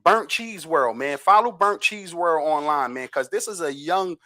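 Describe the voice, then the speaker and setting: High-pitched bright-voiced male podcast host. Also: unhurried. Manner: animated, profane, hyped-up sports fan. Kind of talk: casual chat.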